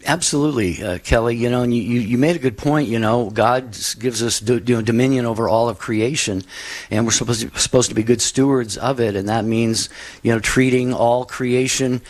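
A man co-hosting a call-in radio show who speaks gently and reflectively, with religious phrasing and frequent fillers. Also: medium pitch, fairly quick. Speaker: radio co-host.

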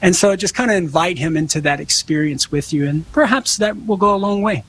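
A man's voice: high-pitched, brisk, fairly bright tone, slight background noise, rough recording. A man answering callers on a religious call-in show, talking conversationally and acting out quoted dialogue. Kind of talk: casual call-in radio talk.

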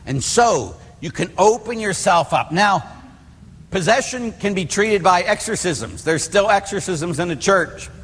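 Middle-aged priest from pittsburgh, chatty homily stories, kinda high voice, long echo like a big church. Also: male voice, unhurried, slightly rough. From Pittsburgh area, United States. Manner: animated storyteller, acts out voices in quotes. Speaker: Catholic priest. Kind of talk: storytelling homily.

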